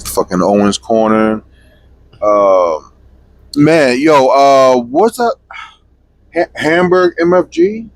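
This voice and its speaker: Young male trucker co-host, loud and profane, laughs a lot, very animated pitch. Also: slow, pauses often, poor audio. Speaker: podcast co-host, truck driver. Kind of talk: casual chat.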